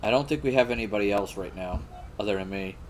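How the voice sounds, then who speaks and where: A man co-hosting a livestream, chatting casually with frequent pauses and fillers while greeting viewers. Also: on the low side, slight background noise. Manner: relaxed, halting with many fillers, greets chat viewers. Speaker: livestream co-host. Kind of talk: casual chat.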